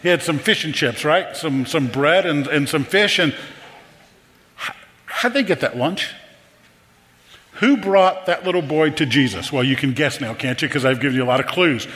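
A man's voice: on the high side, moderate pace, long pauses, fairly bright tone. A man preaching a conversational sermon, repeating words and asking the audience questions. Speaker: pastor. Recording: long hall reverb.

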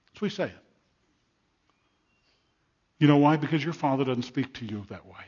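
An older male pastor delivers a sermon, pressing his points with emphatic repetition and personal stories. His voice is a little husky, of middling pitch. The recording sounds dull and lo-fi. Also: moderate pace, pauses often, a little mellow. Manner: emphatic preaching with storytelling asides.

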